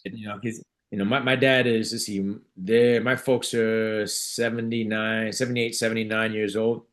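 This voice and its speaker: This is a middle-aged man with a somewhat low voice. He is an author and physician speaking in an interview. He tells his stories in a reflective, conversational way, often circling back and restarting his phrases. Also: flat delivery, moderate pace. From United States.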